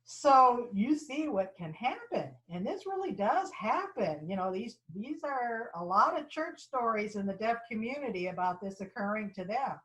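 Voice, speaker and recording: A woman lecturer telling a personal story, with halting restarts and repeated phrases, acting out the people she quotes. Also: fairly high pitch, poor audio. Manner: animated, voices the people in her story.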